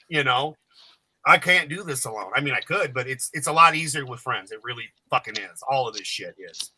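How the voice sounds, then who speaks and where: A man's voice: medium pitch, pushed and bright, no echo, rough recording. A man telling jokey, rambling, profane stories as a guest on a podcast panel. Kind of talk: casual storytelling chat.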